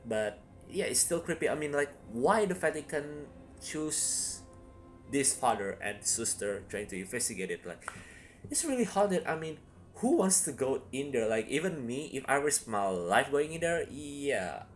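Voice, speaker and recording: A man giving a casual vlog review of a horror film, rambling and excitable, with sudden loud bursts. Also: medium pitch, a little hiss or hum.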